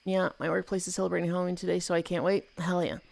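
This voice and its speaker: A woman's voice: on the low side, flat delivery, racing, vocal fry, darkish tone. A woman streaming from home, chatting casually with her viewers, profane and joking, groaning now and then as she stretches. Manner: profane, joking, reads chat aloud. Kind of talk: casual live-stream chat. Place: at home, indoors.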